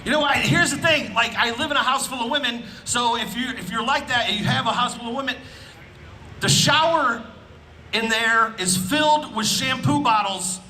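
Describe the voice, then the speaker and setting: Bright, high-voiced comedian shouting punchlines. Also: male voice, normal speed, faint music behind, low-quality recording. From Indiana, US. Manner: loud, animated, punching up lines with shouts. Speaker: stand-up comedian. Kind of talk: stand-up comedy set. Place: outdoor festival stage.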